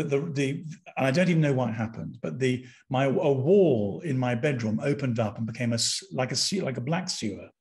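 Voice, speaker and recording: An older man from Britain, a podcast guest, telling a personal story with animated intensity and frequent restarts. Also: medium pitch.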